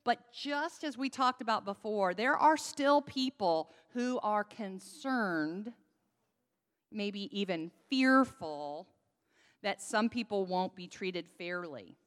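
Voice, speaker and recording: A woman's voice: mid-range voice, lively intonation, takes it slowly. A woman giving a children's sermon into a handheld microphone in a church sanctuary, leading the congregation in call-and-response. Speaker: pastor giving a children's message. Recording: long church reverb.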